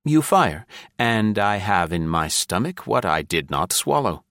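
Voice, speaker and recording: Brief: a man doing a condemned male spy, low voice, dry close sound, measured reasoning that cracks into shrill pleading. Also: sing-song, a bit bright, no echo, heavily acted. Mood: coolly reasoning. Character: calm captured male spy facing execution, coolly philosophical. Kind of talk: audiobook character reading.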